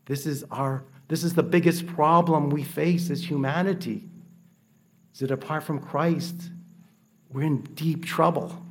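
A man preaching a sermon in an earnest, measured way, asking rhetorical questions. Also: a little high, fairly even intonation, slight background noise.

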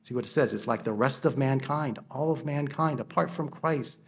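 A man preaching a sermon in an earnest, measured way, asking rhetorical questions. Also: medium pitch.

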